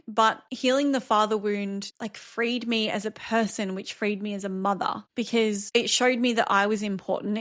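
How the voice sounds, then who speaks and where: A woman's voice: mid-range voice, fairly bright tone. A woman in her thirties hosting a podcast, talking candidly and thoughtfully about her own life. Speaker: podcast host. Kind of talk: solo reflective podcast talk.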